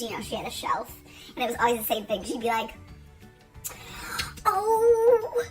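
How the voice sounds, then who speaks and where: A woman's voice: mid-range voice, sharp tone, rough recording. A woman in her thirties chatting casually to camera in a rambling, joking, profane way. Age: 30s. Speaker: vlogger.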